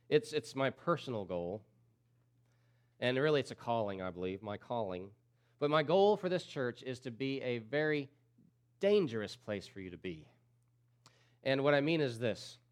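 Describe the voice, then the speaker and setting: A man preaching a sermon as pastor, repeating key phrases and swinging from loud emphatic peaks to low, quiet drops.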